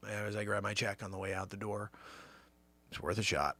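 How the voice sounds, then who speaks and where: A man hosting his own show, riffing an improvised comedy monologue with sudden loud shouted bursts. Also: lowish voice, steady tone, brisk. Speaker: show host.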